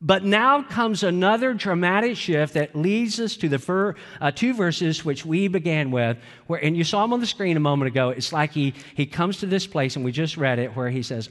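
A man's voice: on the high side, animated, normal speed, in a large hall. A man preaching a sermon as a pastor, emphatic, acting out quoted prayers with growing intensity.

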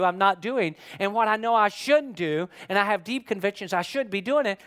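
Impassioned preacher, middle-pitched man. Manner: impassioned, acts out inner voices with sharp swings in pitch and loudness. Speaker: pastor. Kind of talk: sermon.

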